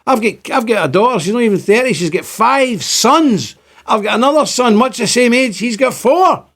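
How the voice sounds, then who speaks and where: Speaking to camera in an Ulster Scots-tinged Northern Irish accent, this man in his fifties gives a passionate, repetitive monologue that climbs into exclamations. His voice is very high-pitched and fairly bright, animated, at a normal speed.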